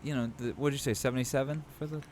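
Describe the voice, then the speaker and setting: A man's voice: medium pitch, fairly even intonation, rapid-fire, a little mellow, slight background noise. A man co-hosting a podcast, chatting casually and thinking aloud with lots of fillers. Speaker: podcast co-host. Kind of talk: casual chat.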